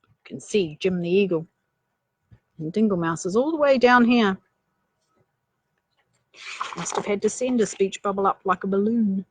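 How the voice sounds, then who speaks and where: A woman's voice: medium pitch, moderate pace, pauses often, breathy edge, no echo. A woman reading a children's story aloud, playful, with chatty asides.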